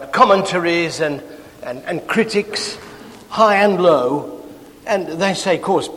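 An English man teaches from the Bible in a self-deprecating, chatty way, picking up speed as his enthusiasm grows. His voice sits a little high for a man. It rings out in a large hall with long reverb. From England. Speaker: preacher. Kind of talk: Bible class talk.

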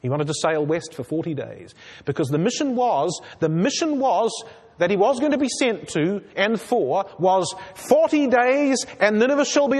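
Male preacher, high voice, very lively pitch, earnest rhetorical questions, long hall reverb. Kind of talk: expository sermon.

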